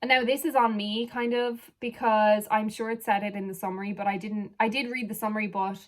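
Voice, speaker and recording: A woman's voice: mid-range voice, steady tone, a little fast. A young woman from Ireland, a book vlogger chatting casually and rambling off on tangents while sitting far back from the camera at home. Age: young adult. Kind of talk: casual chat.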